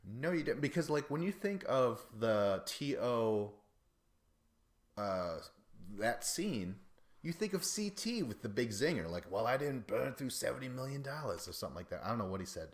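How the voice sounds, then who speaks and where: A man hosting a podcast, rambling casually about reality show contestants with lots of swearing and excitable asides. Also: medium pitch. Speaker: podcast host.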